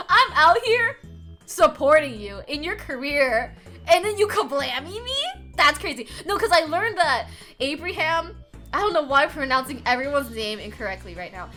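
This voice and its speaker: A woman's voice: high voice, expressive, normal speed, sharp tone. A young woman streaming, chatting casually, rambling, laughing often and swearing. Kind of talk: casual chat. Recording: faint music behind.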